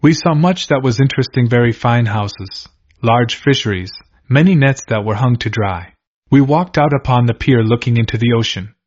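A man reads aloud from an old diary, steady and earnest, at a middling pitch. The recording sounds dull and lo-fi, with the top end muffled. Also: moderate pace. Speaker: reader. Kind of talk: reading aloud from a historical diary.

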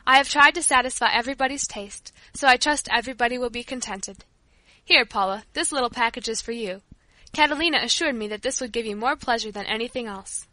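Storybook father, middle-aged man, earnest and measured, read by a woman, high bright tone. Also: no echo. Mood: kindly.

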